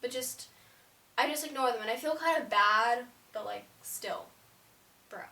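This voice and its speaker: A woman's voice: on the high side, unhurried, sharp tone, recorded from a distance. A teenage girl telling a story in a casual vlog, chatty and rambling with lots of "like". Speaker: vlogger. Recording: roomy, away from the mic.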